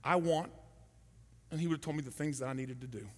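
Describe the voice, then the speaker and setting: A middle-aged man preaching a sermon, telling a story and acting out the shouted quotes. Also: mid-range voice, racing, in a large hall. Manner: animated, acts out shouted quotes. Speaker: pastor. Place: large church hall.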